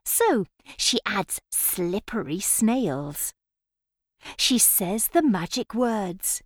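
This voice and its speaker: Slow, lively woman storyteller. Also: medium pitch, no echo, studio quality. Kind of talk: children's story narration.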